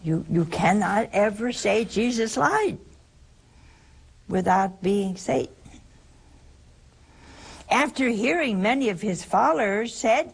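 An older woman with a gravelly voice explains doctrine to a caller. She moves slowly and repeats her points for emphasis, like a patient radio preacher. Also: a little high, lively intonation. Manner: slow, emphatic, repeats key phrases. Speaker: religious radio host answering callers. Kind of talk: preaching call-in radio answer.

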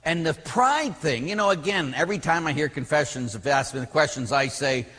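A man, a Catholic priest, teaching a class with animated storytelling and emphatic outbursts. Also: fairly high pitch, fairly quick. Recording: long reverb of a large hall.

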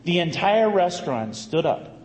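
Animated male priest in an echoey hall. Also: high voice, normal speed, slight background noise. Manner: animated, conversational storytelling with sudden emphatic bursts. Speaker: Catholic priest. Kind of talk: storytelling sermon. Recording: echoey hall, faint ambience.

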